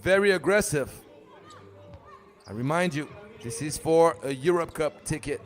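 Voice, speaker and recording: A man's voice: on the high side, normal speed. A man doing live play-by-play commentary for a basketball tournament, joking and chatting between calls. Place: arena at a live 3x3 tournament.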